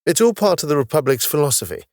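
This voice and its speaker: A man voicing a calm, knowledgeable male space officer from the far future who patiently explains his world with a wry touch. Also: a little high, quick pace, dry recording, clean studio sound, pitched above the performer's own voice. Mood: explaining.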